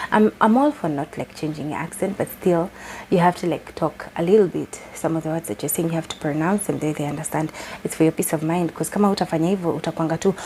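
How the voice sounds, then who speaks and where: Soft-spoken Kenyan woman vlogging. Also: low-pitched, a little hiss or hum, low-quality recording. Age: young adult. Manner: chatty, switching between English and Sheng Swahili. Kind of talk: casual chat.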